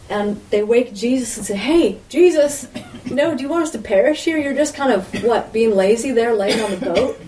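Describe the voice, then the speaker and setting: A woman's voice: mid-range voice, warm tone. Woman teaching scripture in an echoey room. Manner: conversational, frequent "you know" asides. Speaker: Bible teacher. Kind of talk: informal sermon. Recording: roomy echo, distant mic, faint background noise.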